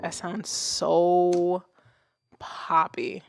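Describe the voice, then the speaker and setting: A woman's voice: lowish voice, little pitch movement, drawn-out words, vocal fry. A young woman livestreaming from her music setup, chatting loosely, laughing and swearing casually. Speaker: music streamer.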